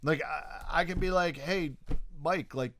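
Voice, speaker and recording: A man's voice: on the high side, a little slow, fairly bright tone, slight background noise. A middle-aged man with a Philadelphia-area accent, co-hosting a podcast and telling stories in a rambling, profane way full of fillers. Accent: Philadelphia-area American. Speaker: podcast co-host. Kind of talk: casual chat.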